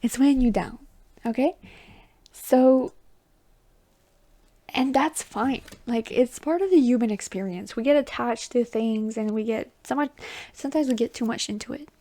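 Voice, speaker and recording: Soft-spoken woman reading tarot. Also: a little high, normal speed, long pauses. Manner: soft and reassuring, often drifting into a whisper; chatty and affectionate, calls the listener baby and honey. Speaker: tarot reader. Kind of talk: intuitive tarot reading to viewers.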